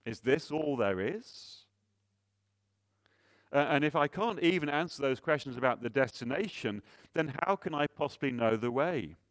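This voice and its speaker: A man of medium pitch preaches expressively at a normal speed, earnest and full of rhetorical questions, frequently restarting phrases. Key points come out louder and emphasis comes softly, all in clean studio sound without echo.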